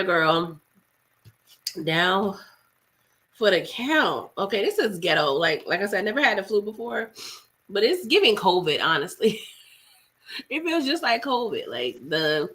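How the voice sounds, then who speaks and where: A young woman with flu, hoarse and congested, casually chatting with live-stream viewers while eating, slangy with laughing asides. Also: mid-range voice, bright, forceful tone.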